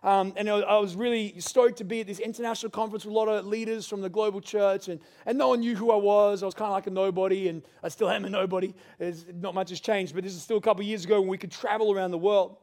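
A man's voice: high-pitched, fairly even intonation, fast, hardly any pauses, darkish tone. A male pastor, preaching a sermon in an earnest, conversational storytelling manner.

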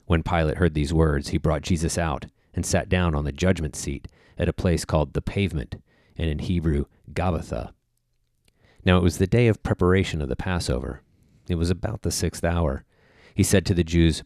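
A man with a very deep voice gives a liturgical scripture reading. He reads in a steady, formal way. The recording is close and dry, with no room sound. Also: normal speed, dry recording. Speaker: scripture reader.

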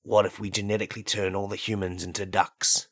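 A man voicing an evil mastermind duck in a comedy podcast skit, gloating and cackling with mock-villain bluster in a lowered voice. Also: little pitch movement, fairly quick, fairly bright tone, no room sound, clean studio sound. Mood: menacing gloat.

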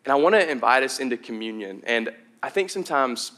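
A man's voice: mid-range voice, animated, a little fast, a bit bright. A young adult man preaching a sermon as pastor, in a conversational, earnest way with frequent fillers and restarts. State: out of breath.

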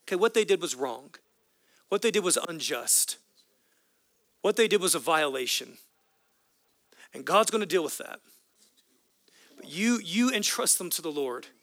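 A man's voice: a little high, big pitch swings, measured pace, pauses often, fairly bright tone, no room sound. A man preaching a sermon as a pastor, with an impassioned, repetitive preaching cadence.

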